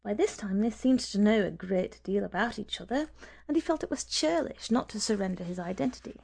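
A woman narrating a story in a measured, soft-spoken way, at times nearly whispering. Her voice is dark and mellow with a gravelly fry, pitched at a middle level. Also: lively intonation. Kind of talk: audiobook narration.

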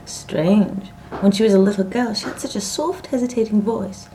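Woman storyteller, mid-pitched, expressive audiobook read; faint noise. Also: moderate pace, low-quality recording. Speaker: narrator.

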